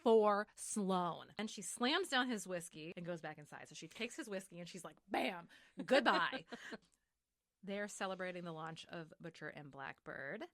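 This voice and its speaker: A woman's voice: on the low side, animated, normal speed, hardly any pauses, dry recording. A woman co-hosting a casual podcast, recapping a novel and acting out the characters' lines. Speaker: podcast co-host. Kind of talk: casual book recap chat.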